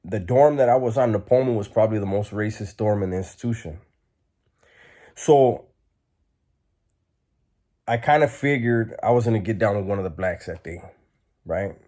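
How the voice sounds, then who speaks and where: A man's voice: lowish voice, normal speed, pauses often, mellow. A man telling a story in a casual, blunt, streetwise way, with lots of fillers.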